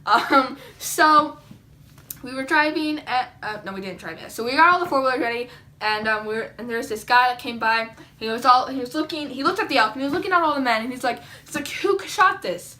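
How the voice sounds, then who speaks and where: Bright, high-voiced teenage girl vlogger. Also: a little fast. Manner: rambling, giggly storytelling with many fillers. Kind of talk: casual storytime vlog.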